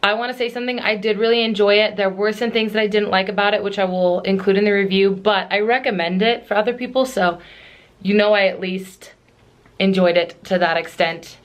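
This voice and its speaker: A woman's voice: mid-range voice, steady tone, brisk. A woman book vlogger chatting casually and rambling, with lots of "like" fillers.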